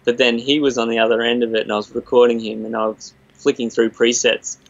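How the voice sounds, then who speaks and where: Gravelly-voiced man in rambling chat. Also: mid-range voice, level tone, fast, dull audio. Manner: rambling, restarts and quotes others. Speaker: studio guitarist and producer. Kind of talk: casual podcast chat.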